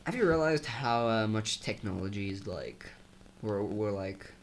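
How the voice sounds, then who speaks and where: A young man co-hosting a podcast, chatting casually in a rambling, halting way full of restarts. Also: lowish voice, expressive, a little hiss or hum. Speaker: podcast co-host. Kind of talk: casual chat.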